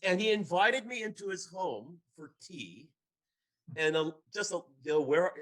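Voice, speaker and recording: Friendly storyteller type, chatty, slightly higher-pitched male voice. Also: lively intonation, a little slow, a bit bright, rough recording. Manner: chatty, laughs through his anecdote. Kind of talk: casual storytelling in a discussion.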